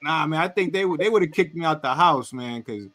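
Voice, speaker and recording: High-voiced Boston man cutting in. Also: lively intonation, fairly quick, fairly bright tone. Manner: interrupting, repeating "yo, hold on", teasing. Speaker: podcast co-host. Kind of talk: casual sports banter.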